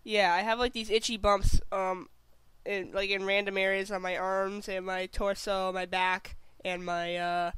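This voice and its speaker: A young podcast co-host, sick with a runny nose and a cough, talking haltingly with many ums in casual chat. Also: mid-range voice, level tone, fairly bright tone, clean tone, no echo.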